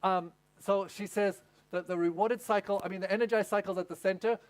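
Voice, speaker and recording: A man's voice: sits high, steady tone, brisk. A male pastor giving a humorous, conversational sermon at a camp meeting.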